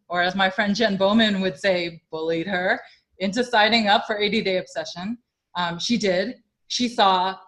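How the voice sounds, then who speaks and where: A woman's voice: medium pitch, fairly bright tone. A young woman who coaches fitness, telling her story in a chatty interview with lots of fillers and growing emotion. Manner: chatty, many fillers, grows emotional and tearful.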